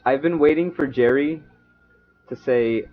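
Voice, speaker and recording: A young man hosting a podcast in casual chat, teasing his guest and quick to laugh. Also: medium pitch. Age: young adult. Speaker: podcast host. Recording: muffled lo-fi sound.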